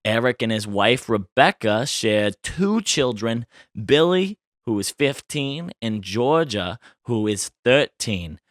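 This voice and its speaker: A man hosting a podcast, chatting casually about celebrity gossip in an expressive way and ending many remarks with a quick tag question. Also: mid-range voice, no echo, clean studio sound. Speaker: podcast host.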